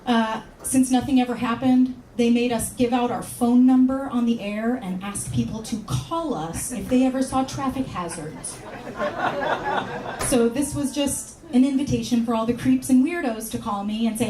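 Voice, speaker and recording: High-voiced woman doing wry stand-up. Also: moderate pace, a little hiss or hum. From California. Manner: wry, deadpan asides with sudden high exclamations. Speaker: stand-up comedian. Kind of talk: stand-up comedy set. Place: comedy club stage. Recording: roomy club sound from far off.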